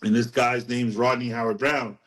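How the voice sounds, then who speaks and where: A middle-aged man, a podcast guest, telling his faith story in a rambling, animated way and laughing at his own anecdotes. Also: mid-range voice, normal speed, low-quality recording. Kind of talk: casual testimony storytelling.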